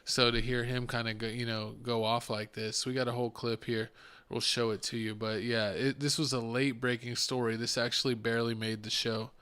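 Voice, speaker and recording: Bright, crisp-voiced podcast host. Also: male voice, mid-range voice, a little fast. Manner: animated, storytelling, joking. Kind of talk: casual chat.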